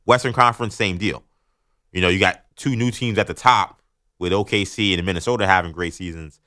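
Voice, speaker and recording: Brief: man, sports talk radio host, low-pitched, bright, forceful delivery, dry studio sound. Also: fairly quick, dry recording. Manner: animated, mocking, laughs often.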